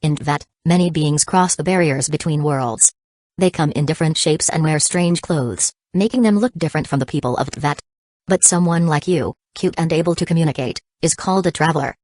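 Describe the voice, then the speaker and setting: A woman's voice: deep voice, brisk, darkish tone, no room sound. A woman voicing a small floating fairy-like girl companion who proudly speaks of herself by name, in a storybook reading.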